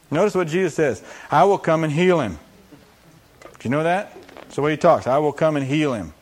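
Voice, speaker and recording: Man, slightly high voice, lively sermon delivery, repeats key lines. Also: brisk. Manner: animated, acts out scripture voices, repeats phrases for emphasis. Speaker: preacher.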